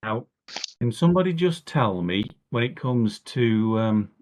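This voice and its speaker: A man's voice: medium pitch, lively intonation, unhurried, a little mellow, a little hiss or hum. A man playing a tabletop game over a voice call, chatty and a little hesitant. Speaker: player. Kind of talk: casual tabletop play. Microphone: computer mic on a voice call.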